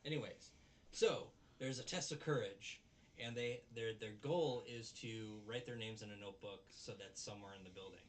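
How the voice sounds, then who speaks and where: A man casually recapping an anime episode with a co-host, rambling and animated, with many fillers. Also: lowish voice, normal speed. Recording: distant mic with faint noise.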